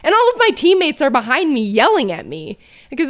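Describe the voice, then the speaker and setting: A woman with a fairly high voice tells a casual story from her childhood. Her humor is dry and self-mocking. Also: huge pitch swings, a little fast. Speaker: storyteller over gameplay.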